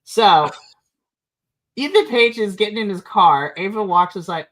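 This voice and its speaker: A woman's voice: mid-range voice, moderate pace, fairly bright tone. A woman co-hosting a wrestling podcast, chatting casually, laughing often and acting out wrestlers' lines. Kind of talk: casual review chat. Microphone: streaming mic.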